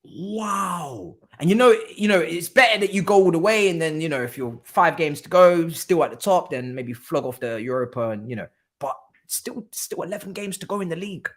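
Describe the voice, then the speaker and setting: Animated man mocking rival fans. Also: a little high, normal speed. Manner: teasing, mocking and laughing; swears freely in slangy chat. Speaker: streamer host. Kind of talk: live football watchalong reaction.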